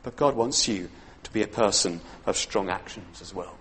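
Middle-aged preacher in echoing hall. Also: male voice, low-pitched, moderate pace. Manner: lively storytelling, voices the people he quotes. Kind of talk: sermon. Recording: long reverb of a large hall.

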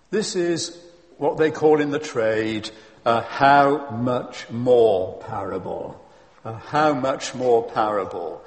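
A man delivers a sermon at an unhurried pace, pressing key points with emphasis and dropping in friendly asides. His voice sits in a middling register. The sound carries a long reverb from a church hall. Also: mid-range voice. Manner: lively and emphatic, with chuckles and asides. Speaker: preacher.

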